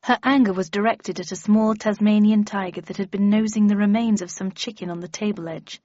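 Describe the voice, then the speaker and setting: A woman's voice: mid-range voice, fairly even intonation, a little fast, warm tone, dry recording. A woman narrating a first-person audiobook in a dry, wry storytelling manner. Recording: dry, slightly dull audio.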